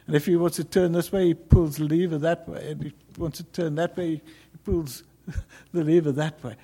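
A man preaching a sermon, telling a story dramatically, with sudden loud calls and hushed, whispered passages. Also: fairly high pitch, gravelly, breathy edge.

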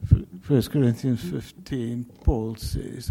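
A man preaching a sermon, telling a story dramatically, with sudden loud calls and hushed, whispered passages. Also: on the high side, a little slow, gravelly, breathy edge.

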